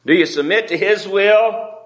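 A man's voice: sits high, unhurried. A man preaching as a pastor in a church, talking in a conversational way and acting out the voices he quotes. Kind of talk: sermon.

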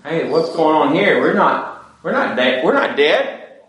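A man's voice: on the high side, sing-song, unhurried, fairly bright tone, reverberant, poor audio. A man voicing defiant young men of faith who speak firmly. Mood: amazed.

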